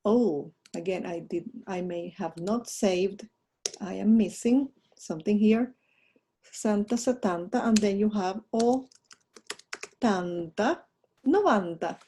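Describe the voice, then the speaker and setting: A woman's voice: medium pitch, slow, mellow, a little hiss or hum. A woman teaching a recorded online lesson, talking through her slides with chatty asides. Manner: talks through a screen while fumbling with her mouse, chatty asides. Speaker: language teacher.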